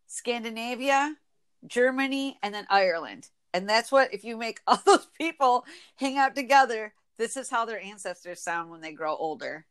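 A woman in her twenties from Michigan with an Inland North accent, chatting casually as a podcast host, a bit nasal and quick to laugh. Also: on the high side. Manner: chatty, laughs often, quick when excited. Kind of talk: casual chat.

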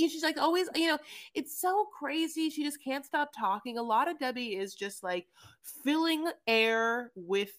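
A woman's voice: high-pitched, animated, a bit bright. A woman co-hosting a podcast, recapping a reality show in casual, profane chat and acting out quotes. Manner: fast, profane, acts out quotes in silly voices. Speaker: podcast co-host.

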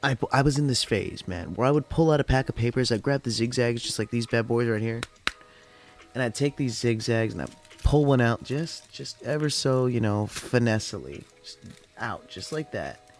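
A man's voice: medium pitch, expressive, normal speed, soft background music. A man from the California desert hosting a podcast, telling stories in a loose, profane, rambling way, tired after work. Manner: rambling, profane, heavy use of "like". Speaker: podcast host. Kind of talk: casual storytelling chat.

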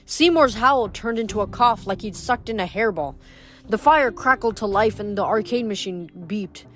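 A woman's voice: medium pitch, moderate pace, fairly bright tone, faint music behind. Woman reading a novel aloud. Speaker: reader.

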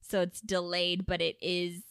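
Bright, clear-voiced woman chatting. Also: fairly low pitch, monotone, measured pace, no echo, studio quality. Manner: playful, makes up definitions with confidence. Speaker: podcast co-host. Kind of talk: casual chat among sisters.

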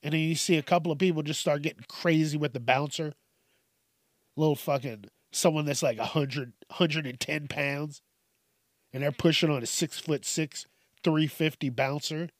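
A man's voice: fairly high pitch, fairly even intonation, moderate pace, no room sound, clean studio sound. A man hosting casual comedic news commentary, swearing often, laughing and riffing on stories.

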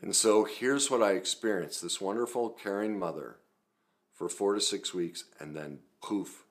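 A middle-aged man talking to his viewers as a self-help coach, animated and acting out quoted lines loudly. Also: fairly low pitch, moderate pace. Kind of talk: video talk to viewers.

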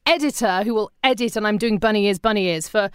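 A woman's voice: medium pitch, quick pace, clean tone, no room sound, studio quality. A British woman, a podcast producer, chatting in an interview and acting out the people she quotes. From Britain. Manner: animated storyteller, acts out quoted people. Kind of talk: casual interview chat.

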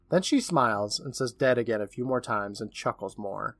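A man's voice: mid-range voice, animated, moderate pace, hardly any pauses, no echo. A man co-hosting a podcast, recapping a horror episode in casual chat and laughing often. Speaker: podcast co-host.

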